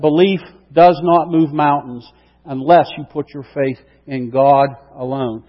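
A man's voice: on the high side, steady tone, measured pace. Emphatic preacher man in a reverberant hall. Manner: emphatic, rhetorical questions, swings from quiet to loud. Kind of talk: sermon. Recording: dull sound with long reverb.

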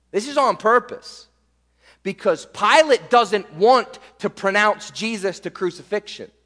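Pastor guy preaching verse by verse, high voice, keeps tossing in "right?", big echoey hall. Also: bright, forceful tone. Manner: emphatic, rhetorical "right?" asides. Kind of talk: expository sermon.

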